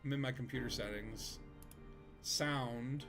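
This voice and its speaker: A man's voice: mid-range voice, a little slow, a bit bright, faint music behind. A man streaming a space game from his home desk, chatting casually with friends, rambling and joking with lots of fillers. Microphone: desk microphone.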